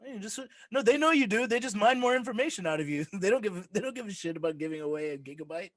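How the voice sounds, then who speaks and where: A man hosting a podcast, teasing his guest in a wry casual chat and quick to laugh. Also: sits high, expressive, dry recording. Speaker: podcast host.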